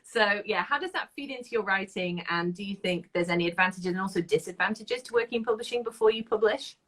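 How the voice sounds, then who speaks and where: A woman's voice: mid-range voice, fast, fairly bright tone. A woman author interviewing a fellow writer, enthusiastic and chatty, laughing easily. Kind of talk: casual conversational interview.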